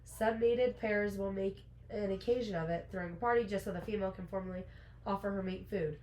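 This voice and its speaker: A woman's voice: medium pitch, reverberant, natural voice, poor audio. A woman reading aloud the lines of a brooding male fae lord who is confessing his love. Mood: earnest. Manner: reads book lines aloud, hurried and soft.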